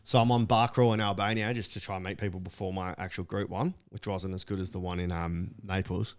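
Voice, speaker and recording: A man co-hosting a podcast, telling road stories in casual chat, animated and swearing freely. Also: a little fast. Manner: animated storyteller, swears freely, mimics people in high voices. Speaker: podcast co-host.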